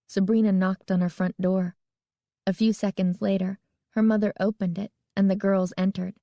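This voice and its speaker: A woman reading a children's horror novel aloud as narrator, in an even storytelling manner. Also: mid-range voice, normal speed, gravelly, dry recording, studio quality. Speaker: audiobook narrator. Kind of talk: scripted narration.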